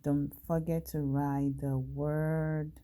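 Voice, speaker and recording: A woman teacher reading a worksheet aloud to young children, slow and deliberate, asking them questions as she goes. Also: sits low, flat delivery, mellow. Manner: slow and deliberate, reading each sentence carefully.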